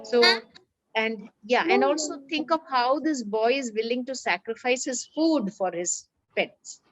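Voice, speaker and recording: A woman reading a story aloud to a class of schoolchildren, animated and acting out the characters' lines, with an Indian English accent. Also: a little high, a little slow, no echo, poor audio.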